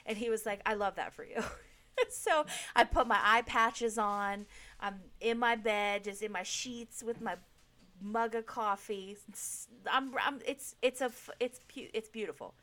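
A woman's voice: medium pitch, moderate pace. Frank, swearing woman in chat. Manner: frank, swears freely, lively storytelling. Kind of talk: casual chat.

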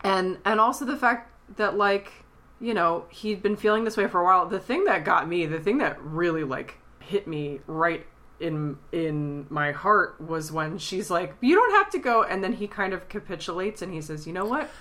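Bright low-voiced woman, tearfully animated. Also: normal speed. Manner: animated retelling, acts out lines in a high squeaky voice. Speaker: podcast co-host. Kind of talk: casual chat.

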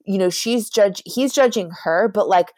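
Young woman, podcast co-host, casual recap chat, animated, cursing, dry close sound. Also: mid-range voice, moderate pace, no echo. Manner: animated, profane, acts out quotes.

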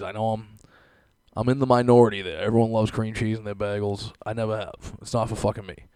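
A man's voice: fairly low pitch, darkish tone, clean tone, no room sound. A young man hosting a podcast, ranting in casual, profane chat and laughing often. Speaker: podcast host.

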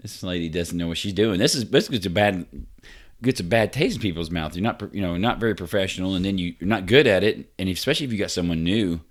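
A man's voice: low-pitched, expressive, fast talker. A man co-hosting a podcast, telling a story in a rambling, casual way with slang, cursing and laughter. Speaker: podcast co-host.

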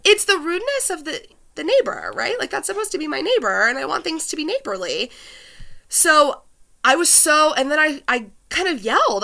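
Chatty woman with a bright voice. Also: high voice, moderate pace, vocal fry. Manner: chatty, lots of "like" fillers, animated retelling. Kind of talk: casual chat, telling a personal story.

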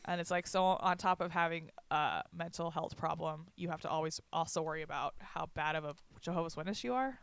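A woman's voice: deep voice, a little fast, few pauses, smooth, dry recording. A woman telling stories in a casual chat, laughing often and acting out what others said.

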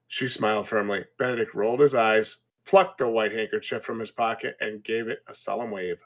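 A man co-hosting a casual book discussion, reading a favorite passage aloud with animated expression. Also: fairly low pitch, brisk, hardly any pauses. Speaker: book discussion podcast co-host. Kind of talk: casual book club chat and dramatic reading.

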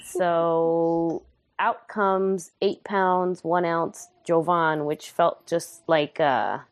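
A woman's voice: lowish voice, steady tone, very slow, no room sound. A young woman telling a candid, humorous and emotional personal story in casual podcast chat.

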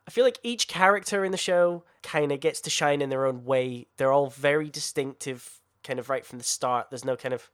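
A man co-hosting a casual podcast chat, animated and quick to swear and laugh. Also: mid-range voice, clear, resonant tone. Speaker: podcast co-host.

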